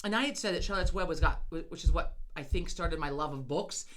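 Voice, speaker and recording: A middle-aged woman co-hosting a podcast, telling a story in casual chat, animated, swearing freely and laughing as she goes. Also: low-pitched, a little fast. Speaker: podcast co-host.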